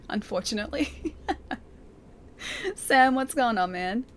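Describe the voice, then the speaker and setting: A woman's voice: fairly high pitch, expressive, takes it slowly, a little hiss or hum. A woman streaming a game, chatting casually, reading chat aloud and laughing often. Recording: game music behind.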